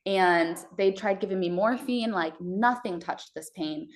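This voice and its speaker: A woman from Texas, a podcast guest, telling her birth story in a casual, halting way with many fillers and restarts. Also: mid-range voice.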